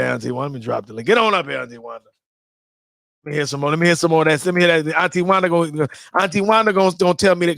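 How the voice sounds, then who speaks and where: Man, tired late-night stream host, high voice, bone-dry close sound, cussing, rambling. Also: gravelly, no room sound. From US West Coast. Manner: loud, profane, rambling banter.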